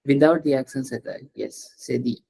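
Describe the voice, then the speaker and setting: A man's voice: on the high side, lively intonation, normal speed, vocal fry, warm tone, slightly rough, low-quality recording. A man teaching French in a one-on-one lesson, patiently explaining rules step by step and asking his student to read aloud.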